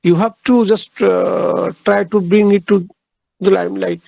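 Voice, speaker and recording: A man lecturing on literature in a high voice with a gravelly edge. He speaks haltingly, often repeating a phrase and filling pauses with "uh." The sound is dry, with no room echo. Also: steady tone, a little mellow.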